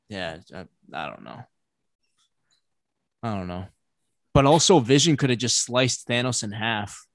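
A young man hosts a casual podcast, swearing freely and arguing his opinions with animated energy. His voice sits at a middle pitch and sounds dry and close to the mic. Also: a little slow, long pauses, dry recording. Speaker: podcast host. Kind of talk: casual chat.

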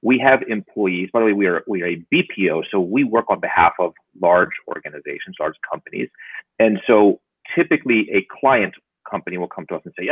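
Low husky man on a phone-like line. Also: very animated, a little fast, dry recording. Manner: hesitant, many fillers and restarts. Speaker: podcast host, contact center manager. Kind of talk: conversational interview hosting. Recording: tinny phone-like line, dry.

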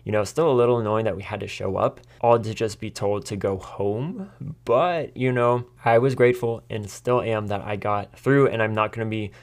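A man's voice: lowish voice, normal speed. An American man hosting his own podcast, telling a story in a chatty, casual way, laughing often and acting out what people said. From United States. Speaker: podcast host.

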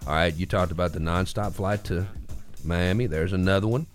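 A man hosting a morning radio show, telling stories in an animated way and acting out the voices in them. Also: deep voice, fairly quick, faint music behind. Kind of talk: casual radio chat and storytelling.

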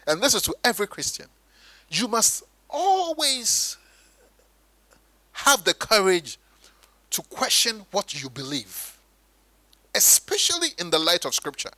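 A man preaching a sermon, animated and sometimes mimicking churchgoers in higher voices. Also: unhurried, pauses often, no echo, low-quality recording.

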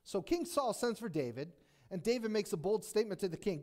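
Male pastor preaching, lively up-and-down voice, cracks jokes, keeps asking the room questions. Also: sits high, fairly quick. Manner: animated, joking, rhetorical questions. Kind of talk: sermon.

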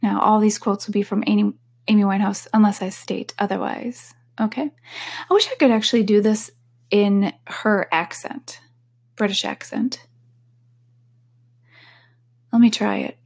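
Woman, podcast host, casual solo chat, gravelly, breathy, candid, soft whispers. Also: mid-range voice, steady tone, unhurried, pauses often.

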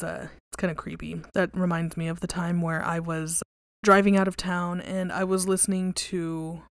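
A woman hosting a podcast, reading creepy stories aloud and then chatting casually, relaxed and conversational, with some swearing. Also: on the low side, dry recording, clean studio sound.

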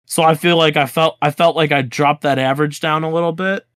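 A lively young man co-hosting a podcast tells a story in a casual chat, animatedly acting out the quoted dialogue. His voice is fairly high and a little fast, recorded at studio quality with no room sound.

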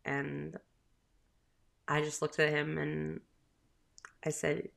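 A woman's voice: sits low, monotone, takes it slowly, gravelly, fairly bright tone. A woman in her thirties with a Southern US accent, a host and mother chatting casually in a rambling storytelling way. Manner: chatty, rambling, with filler words and laughs.

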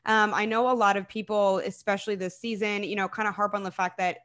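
Woman, podcast guest, enthusiastic, conversational, medium pitch. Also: little pitch movement, fast talker, fairly bright tone. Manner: enthusiastic, conversational, frequent fillers. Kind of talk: casual sports podcast chat.

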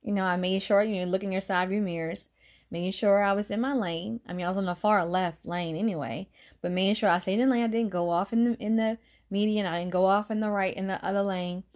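A woman's voice: medium pitch, steady tone, fairly quick, a little mellow. A woman in her thirties hosting a podcast, telling a faith story in a casual, earnest way, often laughing and repeating phrases for emphasis. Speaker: podcast host giving a devotional talk.

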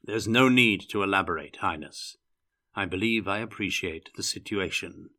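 A man's voice: low-pitched, normal speed, pushed and bright. A man voicing a courteous, formal male playwright in an audiobook reading. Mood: courtly.

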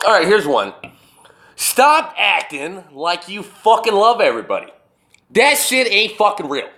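A man ranting alone in a profane, animated way, firing off rhetorical questions as a show host. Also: high-pitched, a little slow. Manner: burping. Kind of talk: profane solo rant.

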